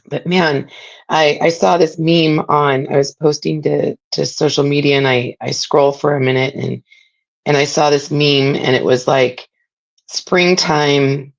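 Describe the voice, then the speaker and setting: A middle-aged woman talks unhurriedly, with a heavily gravelly, fry-laden voice. She rambles in easy, chatty asides, like a craft host catching viewers up on her week. The recording sounds a little dull and lo-fi. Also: sits low, fairly even intonation, slow pace. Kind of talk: casual chat while crafting.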